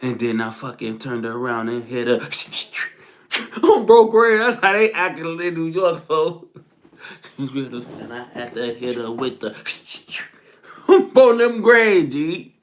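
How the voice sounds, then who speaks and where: A young man telling a casual, profane storytime, animated and full of street slang, laughing and acting out what people said. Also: medium pitch, slow pace, pauses often.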